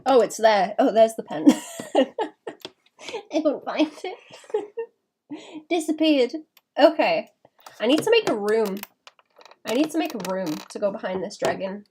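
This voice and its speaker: A woman's voice: on the high side, big pitch swings, slow, long pauses, warm tone, slight background noise. A woman chatting casually while she draws on a live stream, thinking aloud with small laughs and restarts. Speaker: illustrator streaming her drawing.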